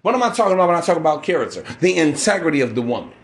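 A man's voice: on the high side, sing-song, racing. Brash, profane man ranting. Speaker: podcast host. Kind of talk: ranting monologue.

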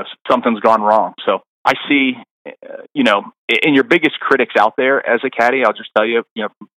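A man's voice: fairly low pitch, sharp tone, no echo, poor audio. A middle-aged man, a caddie guest on a podcast, telling stories in a rambling casual way, full of fillers and restarts. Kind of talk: casual interview storytelling.

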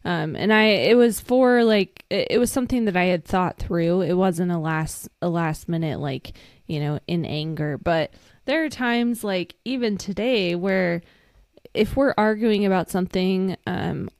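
Frank woman with a smooth, low voice. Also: measured pace, dry recording, clean studio sound. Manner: frank, relaxed, laughs easily. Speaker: podcast co-host. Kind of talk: casual recovery podcast talk.

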